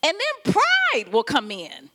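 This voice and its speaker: Woman pastor, high-ish bright voice, preaches casually with laughs, big swings in pitch. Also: slow pace. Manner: animated, laughing, conversational preaching. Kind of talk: sermon.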